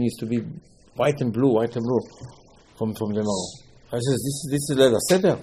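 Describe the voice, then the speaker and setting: A man's voice: medium pitch, brisk, slight background noise, low-quality recording. A man teaching a class on the Passover Seder, telling stories, acting out dialogue and repeating his points. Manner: animated storytelling, acts out dialogue, repeats himself. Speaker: rabbi teaching.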